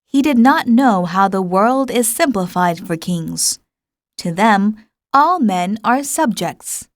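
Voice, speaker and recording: A woman narrating a classic storybook in a calm, measured way. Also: medium pitch, dry recording, studio quality. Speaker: audiobook narrator. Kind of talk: scripted narration.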